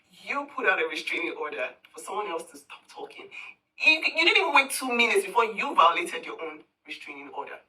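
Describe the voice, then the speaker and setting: Scornful woman with a very bright voice. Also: medium pitch, far from the mic, rough recording. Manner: scornful and confrontational, taunting. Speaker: social media commentator. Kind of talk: heated direct-to-camera rant.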